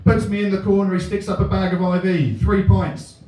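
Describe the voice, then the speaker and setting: A man doing a deadpan, self-mocking stand-up set in a comedy venue. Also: sits high, a little fast. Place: comedy venue with a live audience. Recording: echoey room, mic at a distance.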